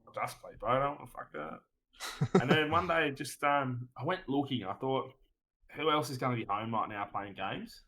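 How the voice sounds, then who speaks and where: An Australian man tells his stories as a podcast guest, rambling and swearing freely, tacking "mate" onto his sentences. His voice sits at an ordinary middle pitch for a man. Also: moderate pace, bright, forceful tone, poor audio. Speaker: guest streamer. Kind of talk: casual podcast interview.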